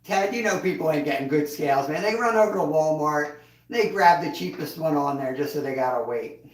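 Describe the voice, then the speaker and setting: A relaxed man with a twang chats casually on his livestream, his fairly high voice sitting back from the mic. The sound bounces around an echoey room, and he chuckles as he answers his viewers. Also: a little fast, far from the mic. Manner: laid-back, chuckles, reads chat aloud. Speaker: livestream host.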